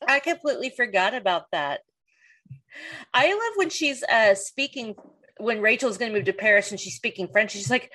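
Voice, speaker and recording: A woman hosting a casual podcast chat, chatty and quick to laugh. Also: fairly high pitch. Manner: laughs often, lively and chatty. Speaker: podcast host.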